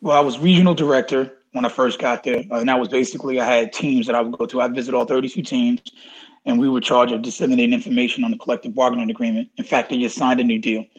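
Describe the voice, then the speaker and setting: A man's voice: mid-range voice, fairly even intonation, fast talker, husky, rough recording. A man in his fifties, an interview guest talking casually and emphatically, repeating key phrases for stress. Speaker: interview guest, college athletics administrator.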